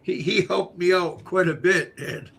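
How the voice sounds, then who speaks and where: An older man hosting his own channel, chatting casually in a halting way, repeating words and pausing on fillers. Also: high voice, gravelly, a bit bright, husky. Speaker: channel host. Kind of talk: casual livestream chat.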